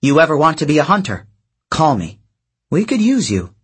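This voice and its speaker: A man voicing a tough, sarcastic teenage huntress, gruff and brisk, with a husky voice. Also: fairly high pitch, wildly swooping pitch, voice pushed up, heavily acted. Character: blunt tough teenage girl hunter, sarcastic.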